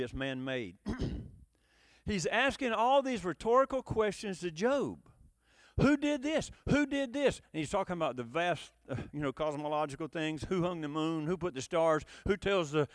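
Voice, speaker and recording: Male preacher, sermon, high voice, very lively pitch, emphatic then quiet. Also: normal speed, no room sound, clean studio sound. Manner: animated, swings between loud emphatic and low quiet asides.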